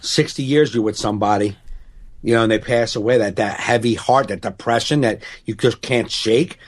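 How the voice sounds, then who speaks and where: A man's voice: fairly low pitch, normal speed. Earnest, frank man in casual chat.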